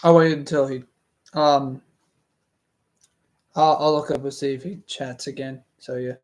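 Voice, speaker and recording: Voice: mid-range voice, fairly even intonation, unhurried, darkish tone. A streamer reading a fantasy book aloud to a live chat, breaking off into rambling, hesitant asides full of restarts.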